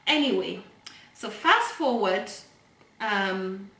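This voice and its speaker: A woman's voice: medium pitch, lively intonation, slow, a bit bright. A young adult woman telling a personal story on her vlog, chatty and digressive with many fillers and restarts. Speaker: vlogger. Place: indoor room, filmed by a helper. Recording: roomy and distant from the mic, faint background noise.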